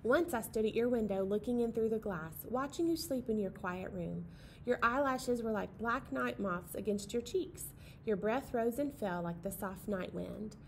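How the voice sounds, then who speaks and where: A woman reading a picture book as a gentle night owl telling its own story, in a soft, tender, unhurried voice. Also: a little high, creaky, slight background noise. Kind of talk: picture-book read-aloud.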